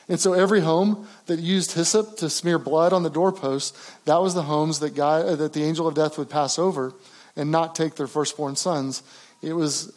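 Male pastor, high voice, chatty sermon delivery with restarts and emphatic peaks. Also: darkish tone. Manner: conversational, frequent restarts, rising to emphatic cries.

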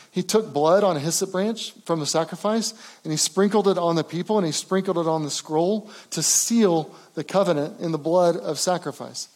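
Male pastor, high voice, chatty sermon delivery with restarts and emphatic peaks. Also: a little mellow. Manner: conversational, frequent restarts, rising to emphatic cries.

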